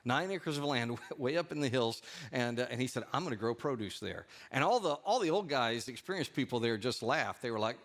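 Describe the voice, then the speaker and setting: Animated male pastor preaching a sermon. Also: a little fast, hardly any pauses. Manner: animated, shifts pitch for quoted voices and asides. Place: church sanctuary.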